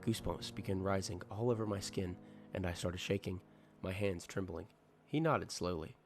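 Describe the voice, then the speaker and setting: A man's voice: sits low, moderate pace. A man reading a horror story aloud as a scripted narration, tense and dramatic. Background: music.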